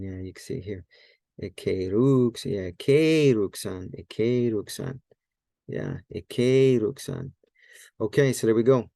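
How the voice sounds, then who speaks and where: A man's voice: lowish voice, vocal fry, dark tone, no room sound. A man teaching a Greek grammar lesson in a casual, think-aloud way, often correcting himself and using many fillers. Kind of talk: casual screen-share lesson.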